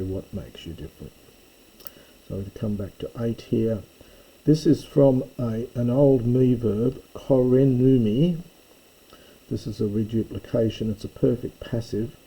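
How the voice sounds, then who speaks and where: This Greek New Testament teacher has a lowish, warm, husky voice, and the audio quality is poor. He goes verse by verse through a Greek lesson, explaining words slowly and carefully. He often corrects himself and leans on fillers as he goes.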